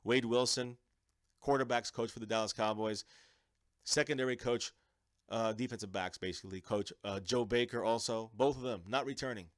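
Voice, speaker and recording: A man hosting a live fan stream, ranting about his football team in a casual, animated way, with many restarts. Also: medium pitch, moderate pace, no room sound, clean studio sound. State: under the weather. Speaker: fan show host. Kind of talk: live-stream sports rant.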